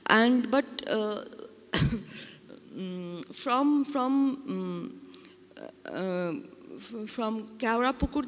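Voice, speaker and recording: A woman filmmaker speaks slowly and haltingly, her voice a little high, and she keeps restarting her sentences. Her words ring out with a long reverb from a large hall. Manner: hesitant, many fillers and restarts. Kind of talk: discussion at exhibition launch. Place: exhibition hall.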